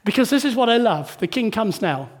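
High-voiced preacher, sermon with tag questions. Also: male voice, big pitch swings, brisk. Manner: rhetorical, full of tag questions to the congregation; swings between hushed and emphatic. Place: church.

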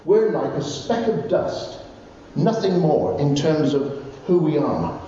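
A man preaching a sermon, telling Bible stories with animated, rising exclamations. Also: fairly high pitch, slow. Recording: distant, roomy, dull recording with faint noise.

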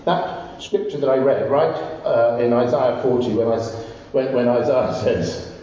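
A man preaching a sermon, telling Bible stories with animated, rising exclamations. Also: medium pitch, measured pace. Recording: distant, roomy, dull recording with faint noise.

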